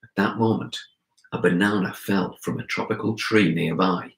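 A man who writes children's books, telling a folk tale to children in an animated, expressive way and speaking to his listeners directly. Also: low voice, moderate pace, gravelly, roomy sound, background noise. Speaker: children's author and storyteller. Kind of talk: storytelling for children.

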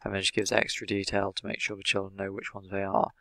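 Measured low-voiced English teacher, dry sound. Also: male voice, completely flat delivery, creaky, sharp tone, no room sound. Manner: measured, explanatory, many "sort of" fillers. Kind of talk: explanatory lesson analysing an interview.

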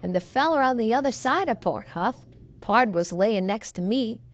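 A woman's voice: on the high side, lively intonation, moderate pace, muffled recording, close to an everyday voice. A woman reading an audiobook, voicing a folksy male cowboy telling a tall tale in a drawling frontier dialect. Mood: yarn-spinning. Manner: drawling frontier dialect, leisurely yarn-spinning. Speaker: audiobook reader. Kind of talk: audiobook reading of a western yarn.

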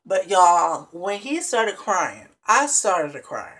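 Very animated yet slow-paced, a vlogger with a mid-range, fairly bright voice walks viewers through a reality show episode. The recap is casual and emphatic, with plenty of false starts and regular asides to the audience.

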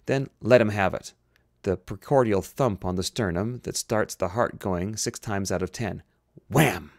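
Low-voiced man reading a novel aloud. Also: darkish tone, no room sound, studio quality. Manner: reads, stops and rereads slipped lines. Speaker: audiobook reader. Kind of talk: amateur audiobook narration.

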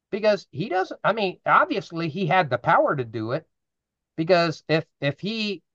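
A man leads a casual Bible study, explaining passages earnestly and tossing questions to the group. His voice sits a little high. The recording is dull and lo-fi, with a dry, close sound. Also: fairly bright tone, no room sound. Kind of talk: informal Bible study teaching.

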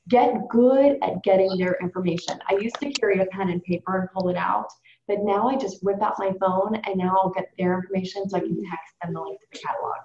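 An upbeat woman coaches her sales team through a call, chatty and direct. Her voice sits at a middle pitch. The audio is roomy and a little dull, with a faint hiss behind it. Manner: upbeat, coaching tone, addresses group as you guys. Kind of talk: training call talk. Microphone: call or webinar.

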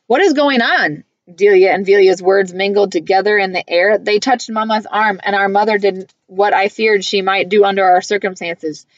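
A woman's voice: medium pitch, flat delivery, dry recording. Woman narrating a novel, dry and muffled. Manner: measured, earnest storytelling. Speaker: audiobook reader. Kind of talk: first-person novel narration.

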